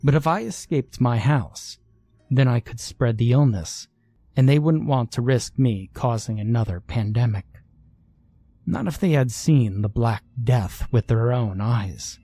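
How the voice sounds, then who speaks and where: A man narrating a first-person horror story in a measured, scripted way. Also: mid-range voice, expressive, mellow, no echo.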